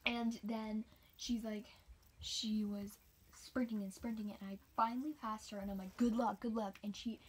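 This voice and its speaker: A woman's voice: medium pitch, level tone, normal speed, husky. A young woman telling a casual, rambling story about her race, sometimes dropping into a whisper. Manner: chatty, rambling, drops into whispers. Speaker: homeschooled cross-country runner.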